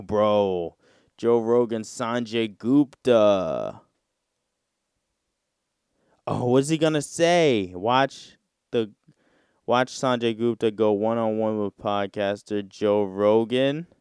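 A man's voice: fairly low pitch, darkish tone, clear, resonant tone, dry recording, studio quality. A man hosting a solo podcast, talking loosely and casually with lots of slang. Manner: loose, slangy, rambling with frequent "bro". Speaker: podcast host.

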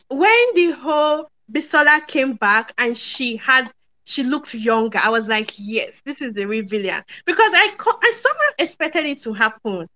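A young woman talks through a film review on a podcast. Her voice sits high and bright, and she rambles happily, laughing at herself between ums and restarts. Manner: chatty, laughs often, many ums and restarts. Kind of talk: casual film review chat.

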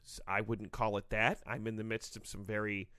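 A man's voice: lowish voice, flat delivery, moderate pace, sharp tone, smooth, no room sound, studio quality, pitched below the performer's own voice. A man doing a stiff, defensive league commissioner. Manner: formal and self-justifying.

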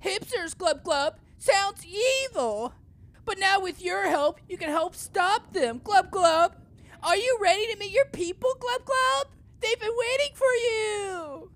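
A woman voicing an excitable male goldfish king who ends his lines with "glub glub" in a comedy podcast. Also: extremely high pitch, slow pace, pitched above the performer's own voice, exaggerated voice. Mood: earnest.

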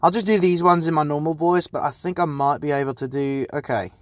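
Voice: mid-range voice, fairly quick, no room sound. Profane, self-mocking podcast host. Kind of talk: casual live chat, taking requests.

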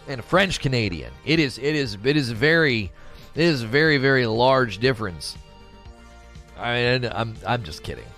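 Give me a man bantering with his stream viewers, lively and teasing, with faint music behind. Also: medium pitch. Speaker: livestreamer reading chat. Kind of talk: casual livestream chat.

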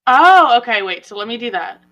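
A woman's voice: fairly high pitch, very animated, brisk, fairly bright tone, poor audio. A woman player chatting breezily during a tabletop game. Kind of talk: casual game chat.

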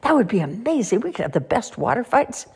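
A woman reading aloud and voicing a small, stubborn boy owl with a high, squeaky, insistent voice. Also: sing-song, brisk, darkish tone, slightly rough, heavily acted. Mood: excited.

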